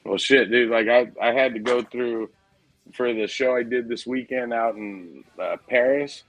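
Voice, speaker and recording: A man's voice: mid-range voice, unhurried, a bit bright, no room sound, poor audio. A man in his forties chatting casually on a podcast, rambling through profane anecdotes and calling everyone dude. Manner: profane, rambling storyteller, says dude a lot. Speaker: podcast host. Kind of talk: casual chat.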